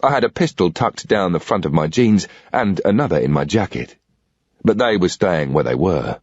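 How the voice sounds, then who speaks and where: A husky man reads a thriller audiobook in a tense, matter-of-fact voice. His pitch is lowish but rises and falls a lot. The sound is dry and a bit dull. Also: animated, moderate pace, a little mellow, no room sound. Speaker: audiobook reader. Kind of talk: scripted audiobook narration of a thriller.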